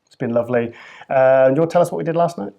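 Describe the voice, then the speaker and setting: A man's voice: medium pitch, very fast, vocal fry, mellow. A man from Wales whose accent comes across as posh and English-sounding. He co-hosts a casual chat in a mid-range voice, full of self-deprecating jokes and easy laughter. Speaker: co-host.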